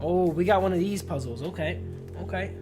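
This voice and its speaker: A man's voice: high-pitched, fairly quick. Casting: easygoing male streamer, chatty asides, game music going behind. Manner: loose, rambling, casual asides to viewers. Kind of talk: live game stream commentary and reading aloud.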